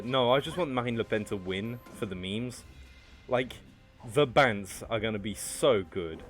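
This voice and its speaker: Low-voiced streamer joking around. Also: male voice. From France. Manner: joking, rambling, answers chat. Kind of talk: casual gameplay commentary.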